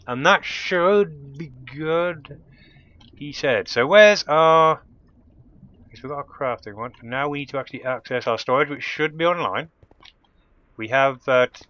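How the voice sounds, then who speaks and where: A man's voice: medium pitch, sharp tone, highs cut off. A man casually commentating his own gameplay, thinking aloud and muttering as he works things out. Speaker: let's play host.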